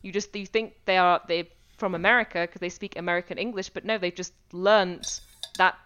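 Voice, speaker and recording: A woman's voice: fairly low pitch, fairly even intonation, fairly quick, a bit bright, clear, resonant tone, dull audio. A woman who teaches primary school music, talking in a casual podcast chat with frequent restarts. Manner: chatty, with frequent restarts and light laughs.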